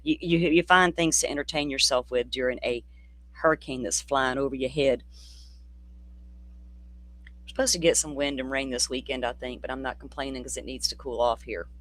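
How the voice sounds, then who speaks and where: A true crime host from the Deep South, talking in a loose, rambling livestream chat that is blunt, profane and sardonic. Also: fairly even intonation, moderate pace, fairly bright tone. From Florida, near the Alabama state line. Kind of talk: casual livestream commentary.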